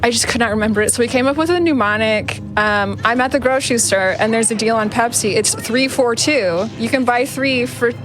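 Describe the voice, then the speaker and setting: Giggly chatty woman, slightly high voice. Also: fairly quick, few pauses, music in the background. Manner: chatty, giggly, self-deprecating. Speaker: speedrunner. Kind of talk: casual live commentary while playing.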